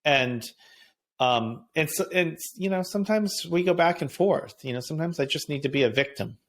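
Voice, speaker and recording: A man who teaches yoga, talking in a thoughtful, measured way in a reflective spiritual conversation. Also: on the high side, lively intonation. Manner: thoughtful and measured, with soft laughs.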